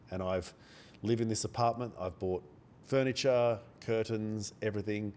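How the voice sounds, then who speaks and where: A man with a cold, talking quietly and bluntly into a close microphone during a day-trading live stream, swearing now and then. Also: on the low side, steady tone, unhurried, a little hiss or hum. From Australia. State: has a cold. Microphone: microphone held very close.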